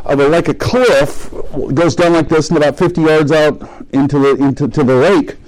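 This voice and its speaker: A man's voice: on the high side, steady tone, normal speed, a little mellow, rough recording. A middle-aged man preaching a sermon, teaching in a conversational way and putting questions to the congregation. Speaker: pastor.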